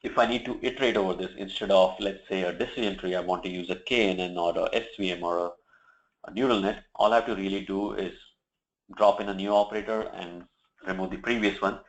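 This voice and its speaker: A man presenting a software demo, walking through each step in a steady, explanatory way with occasional fillers. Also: low-pitched, quick pace, poor audio. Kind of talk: product demo walkthrough.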